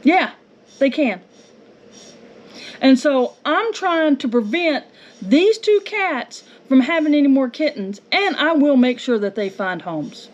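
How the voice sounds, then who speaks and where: Taking it slowly, a woman with a high voice and big pitch swings rants angrily at her neighbor in a home vlog. The homestead vlogger sounds indignant and confrontational, using rhetorical questions, while the yard is mowed. Her audio is dull and lo-fi with faint noise.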